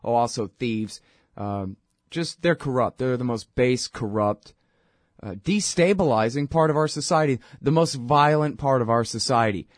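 A man's voice: medium pitch, normal speed, no room sound. Sarcastic guy in his 40s ranting on his show, mocking and heated, dry mic. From United States. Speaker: podcast host. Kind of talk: political commentary rant.

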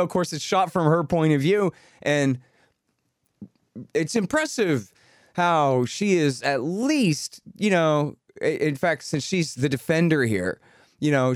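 A man's voice: sits high, no echo, studio quality. A man in his fifties hosting a casual political interview, telling stories animatedly. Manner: animated storytelling with voiced quotes. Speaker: host.

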